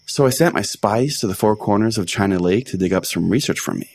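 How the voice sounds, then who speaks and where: A man's voice: on the low side, lively intonation, fairly quick, a little mellow, no room sound. A man voicing a pompous, self-righteous, hotheaded small-town pastor in a comedy podcast sketch. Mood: boastful storytelling. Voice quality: pompous, blustering. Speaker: host.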